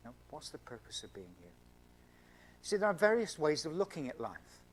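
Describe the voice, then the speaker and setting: A man's voice: on the high side, big pitch swings, normal speed, husky. A man, a scientist giving an earnest public lecture at a university event. He explains with everyday examples and stresses key words. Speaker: scientist giving an evening talk to a student Christian group.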